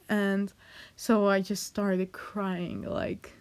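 Young woman talking slow in a personal vlog, halting and full of fillers, nervous little laughs, kinda close to tears. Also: mid-range voice. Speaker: vlogger.

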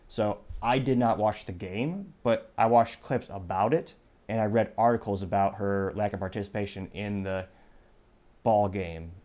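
A man's voice: lowish voice, a little mellow. A young adult man hosting a news commentary show, sarcastic and rambling, with frequent asides. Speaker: podcast host.

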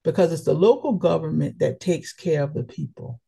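A middle-aged woman with a husky, slightly breathy voice. Her pitch swings widely as she talks, motherly and full of feeling. She speaks as a guest in a casual podcast chat. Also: expressive, normal speed. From Prince George's County, Maryland. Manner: warm motherly praise, emotional. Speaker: guest, local official.

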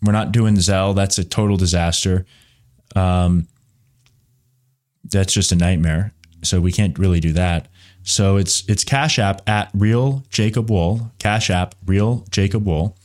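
A man's voice: low-pitched, steady tone, unhurried, darkish tone. A man hosting a live commentary show, talking in a rambling way with many fillers and reading viewer questions from the chat. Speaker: show host.

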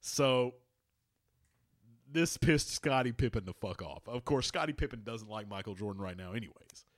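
A man co-hosting a casual sports podcast, swearing freely and telling stories with lively quoted voices. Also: fairly low pitch, normal speed. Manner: profane, animated storytelling. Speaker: podcast co-host.

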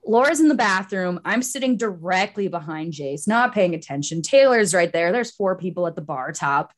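Young woman cohost, chatty and laughy, tells stories all animated. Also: lowish voice, normal speed. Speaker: podcast co-host. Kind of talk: casual chat.

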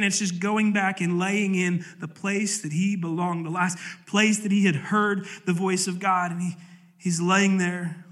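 A man's voice: high voice, level tone, unhurried, fairly bright tone. A male pastor preaching a sermon at a church service, earnest and emphatic, reading scripture aloud.

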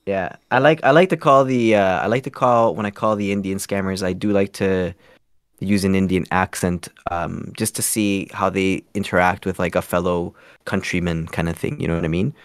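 Deep-voiced earnest man, dry sound. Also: level tone, normal speed, smooth, no echo. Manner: earnest, rambling, self-conscious. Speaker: guest. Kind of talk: casual podcast interview.

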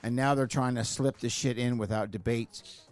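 A man's voice: mid-range voice, steady tone, moderate pace, no room sound, faint music behind. A man hosting a podcast, ranting in a casual, profane chat. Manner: ranting, heavy swearing. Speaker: podcast host.

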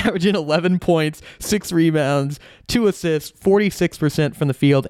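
A man's voice: mid-range voice, a little mellow, clear, resonant tone, no room sound, clean studio sound. A man hosting a casual sports podcast, running through player stats in an upbeat, analytical way. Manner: stat-heavy, upbeat analysis. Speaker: podcast host.

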